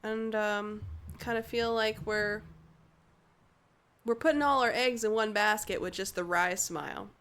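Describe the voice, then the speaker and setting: A woman's voice: medium pitch, steady tone, measured pace, fairly bright tone. A woman streamer playing a game, chatting casually and reading dialogue aloud in a playful, giggly, joking way.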